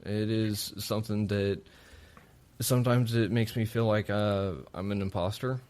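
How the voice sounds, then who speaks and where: A man's voice: on the low side, steady tone, measured pace, darkish tone. A man hosting a recovery podcast, talking in a supportive, open, conversational way. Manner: supportive, open, many short affirmations. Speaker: podcast host. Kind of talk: casual interview conversation.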